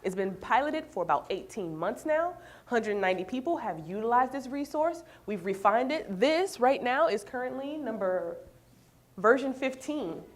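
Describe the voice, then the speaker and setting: Animated woman giving a staff training. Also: on the high side, normal speed. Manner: animated, storytelling with acted quotes. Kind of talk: workplace training presentation. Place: room with an audience.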